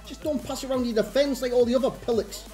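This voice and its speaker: A man's voice: very high-pitched, steady tone, quick pace, dark tone. Brief man in his thirties, gaming commentator, frustrated and sardonic, faint game music behind. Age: 30s. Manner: exasperated, self-mocking running rants. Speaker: gaming YouTuber. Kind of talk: live gameplay commentary.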